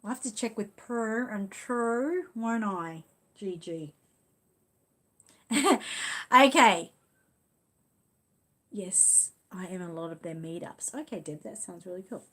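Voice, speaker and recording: A woman's voice: mid-range voice, expressive, takes it slowly, pauses often, a bit bright. A middle-aged Australian woman chatting casually on a livestream, rambling and cooing affectionately as she reads viewer comments. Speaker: livestream host.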